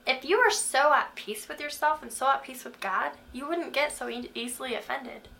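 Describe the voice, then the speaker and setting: A woman's voice: sits high, moderate pace, creaky, sharp tone. A young woman giving a faith-based motivational talk, speaking earnestly and putting direct questions to the listener. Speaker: Christian speaker.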